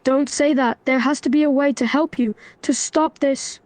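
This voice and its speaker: A synthetic female voice reading the lines of a stern young man who lectures in an even tone. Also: sits high, moderate pace, no room sound, close to an everyday voice.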